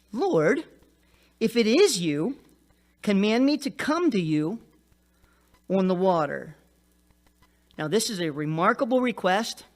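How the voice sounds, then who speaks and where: Animated, jokey male preacher. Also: high-pitched. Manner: animated, jokey storytelling with asides. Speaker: pastor. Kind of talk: sermon.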